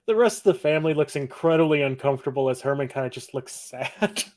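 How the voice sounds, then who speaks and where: A male podcast co-host recapping a TV episode in casual chat, loose and quick to laugh. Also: mid-range voice, animated. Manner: laughs often, loose and chatty.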